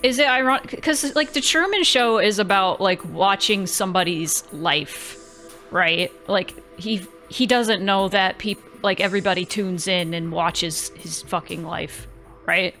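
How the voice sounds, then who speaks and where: A woman's voice: mid-range voice, unhurried, faint music behind. Chatty swearing woman streamer. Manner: animated, swears casually, trails off and restarts. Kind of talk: casual stream chat.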